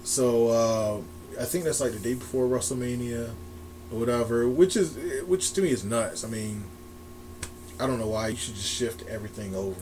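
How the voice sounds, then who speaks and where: A man's voice: medium pitch, normal speed, a little mellow. A man talks wrestling news in a loose, rambling way, circling back and restarting his sentences as he goes. He laughs easily, and a faint hum sits behind his voice. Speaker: podcast co-host. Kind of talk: casual wrestling chat.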